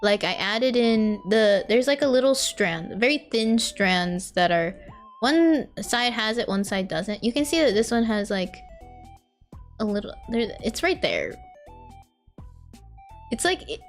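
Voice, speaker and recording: A young woman with a fairly high voice chats on a live stream as she draws. She rambles, leans on fillers and laughs easily while answering her chat. Faint music plays under her voice. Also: lively intonation, unhurried. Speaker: VTuber streamer.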